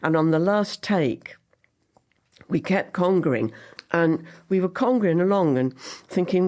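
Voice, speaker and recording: An older woman, a guest actress on a podcast, telling animated stories with frequent laughter. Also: on the low side, measured pace. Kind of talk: podcast interview.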